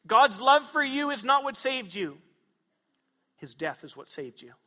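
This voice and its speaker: A male pastor preaching a sermon in a church, his voice high and bright. He presses his points hard and throws questions out to the congregation. The sound rings with a long hall reverb. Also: sing-song, unhurried. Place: church sanctuary.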